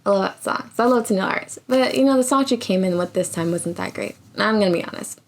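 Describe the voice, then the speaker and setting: A woman's voice: mid-range voice, fast. A woman recapping a reality show in a casual, chatty way, laughing often and acting out what people said. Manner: animated, laughs often, acts out quotes.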